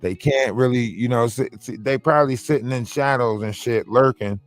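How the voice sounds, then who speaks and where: A man's voice: medium pitch, normal speed, soft background music. A man hosting a livestream, talking casually and mockingly in slangy gossip commentary. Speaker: livestream host.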